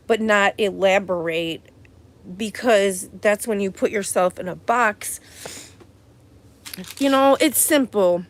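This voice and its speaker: A woman's voice: medium pitch, slow pace. A woman livestreaming casually as a mother, rambling loosely and thinking aloud as she talks. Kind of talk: casual live-stream chat.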